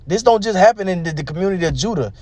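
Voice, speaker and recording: A man's voice: high-pitched, expressive, rapid-fire, a little mellow, dry recording. A man giving street-preacher style religious commentary, profane, emphatic and repetitive.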